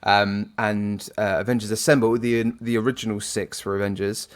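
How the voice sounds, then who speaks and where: A man's voice: on the low side, flat delivery, moderate pace. A man co-hosting a podcast in casual chat, rambling and hesitant with many fillers. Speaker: podcast co-host.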